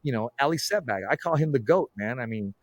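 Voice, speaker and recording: A man hosting a podcast, telling stories in a lively casual way, often saying "man" and "bro". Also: medium pitch, fast, no room sound. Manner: animated storyteller, frequent "man" and "bro". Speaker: podcast host. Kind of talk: casual conversation.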